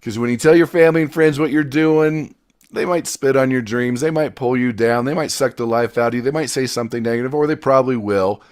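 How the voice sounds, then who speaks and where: A man teaching a motivational business class, energetic and storytelling, with loud emphatic bursts and quiet asides. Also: mid-range voice, a little fast. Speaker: success coach.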